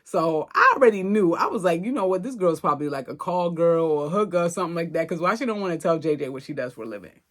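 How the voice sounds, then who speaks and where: A woman hosting a podcast, recapping a film in a chatty, slangy, expressive way. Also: lowish voice, fast, hardly any pauses. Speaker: podcast host. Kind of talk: casual movie recap.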